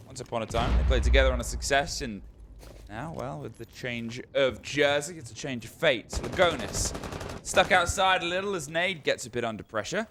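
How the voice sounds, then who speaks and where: A man's voice: medium pitch, normal speed, noisy background. A man casting a live esports match, analytical and full of joking banter. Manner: chatty, analytical, jokey banter. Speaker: esports caster. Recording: broadcast mix with game gunfire behind.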